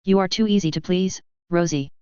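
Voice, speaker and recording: A woman voicing a dry, reserved young male wizard who speaks in a flat, measured way, on a dull lo-fi recording. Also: fairly low pitch, clear, resonant tone, no echo, natural voice. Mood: gentle.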